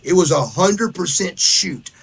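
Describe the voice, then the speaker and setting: A man's voice: high voice, unhurried, vocal fry, breathy edge. A man hosting a podcast, telling a rowdy story in casual chat and acting out the other people's lines as he goes. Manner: animated storyteller, says "brother", acts out quotes. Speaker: podcast host.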